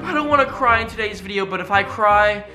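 This is a female reaction-video host speaking at a mid-range pitch and a slightly quick pace. She gasps, exclaims and constantly calls out to her audience as "guys." Background music runs under a roomy recording.

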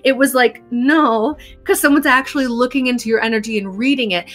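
A woman's voice: a little high, fairly quick, a bit bright, faint music behind. A young woman co-hosting a casual podcast, telling a candid, self-mocking story with some swearing. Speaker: podcast co-host.

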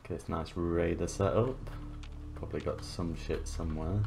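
A man's voice: sits low, moderate pace, creaky, music in the background. A man giving casual gameplay commentary, tossing off jokes and swearing asides. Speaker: gamer. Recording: background noise.

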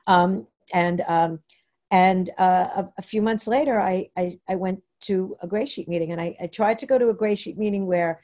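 A woman from Long Island telling her own recovery story at an online meeting, halting and rambling with many fillers and restarts. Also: medium pitch, a little mellow. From New York, Long Island. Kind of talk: personal share at a Zoom meeting. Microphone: computer mic on a video call.

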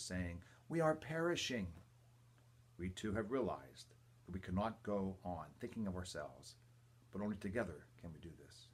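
An older man, a priest, reading the gospel and a homily in a measured, reverent way, with emphatic quotes and quiet asides. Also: on the low side, breathy edge. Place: church or home, livestream.

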